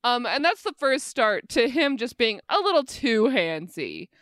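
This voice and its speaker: A woman's voice: on the high side, big pitch swings, unhurried, a bit bright, no room sound, studio quality. A woman co-hosting a casual podcast chat, wry and reading book excerpts aloud with comic voices. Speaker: podcast co-host.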